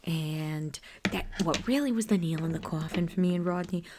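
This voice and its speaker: A woman's voice: on the low side, normal speed, background noise, close to an everyday voice. A woman doing a whispered role-play as a wild, gossipy, unhinged aunt, rambling and chatty, slipping in and out of a whisper on a close mic. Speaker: ASMR creator.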